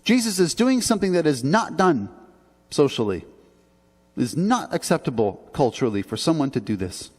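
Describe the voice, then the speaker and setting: A man's voice: fairly high pitch, big pitch swings, normal speed. Preaching man in a reverberant church. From Canada. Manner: earnest, conversational preaching with emphatic rises. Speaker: pastor. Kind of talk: sermon. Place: church sanctuary.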